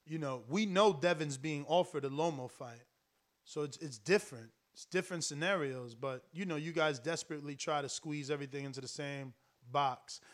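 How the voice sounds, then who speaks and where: A male host of a live boxing stream, reading viewer comments aloud in a relaxed way. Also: fairly high pitch, moderate pace.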